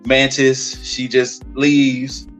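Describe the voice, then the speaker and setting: A man hosting a casual podcast chat, retelling a film with lively acted-out quotes. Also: mid-range voice, drawn-out words, faint music behind. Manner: animated retelling with playful quoted voices. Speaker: podcast host. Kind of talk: casual movie review chat.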